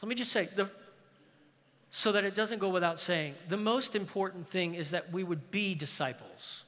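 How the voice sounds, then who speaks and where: Earnest and emphatic, this bright, high-voiced male pastor delivers his sermon at a normal pace and challenges the congregation with rhetorical questions. A long hall reverb lingers after every phrase.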